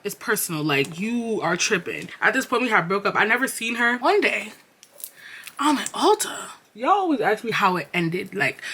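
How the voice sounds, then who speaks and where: A young woman telling a personal story-time to her viewers, blunt and profane, animated in her storytelling. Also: mid-range voice. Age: young adult. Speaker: storyteller vlogger.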